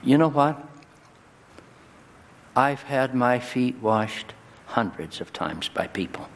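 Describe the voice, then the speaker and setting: A male pastor delivering a sermon in a church, his voice jumping high and loud on key words. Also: animated, slow, slight background noise. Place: church sanctuary. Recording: long hall reverb, faint ambience.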